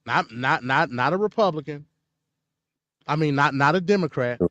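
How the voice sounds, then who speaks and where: A man's voice: fairly high pitch, normal speed, fairly bright tone, no echo, highs cut off. Blunt man hosting a dry-sounding livestream. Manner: blunt, opinionated. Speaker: host. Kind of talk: casual political commentary.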